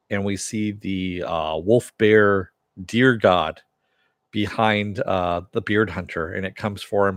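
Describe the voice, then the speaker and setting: Recapping a TV episode on a casual live-stream review, a man rambles along, full of "uh" and "he goes." His voice is deep, and the sound is studio quality with no echo.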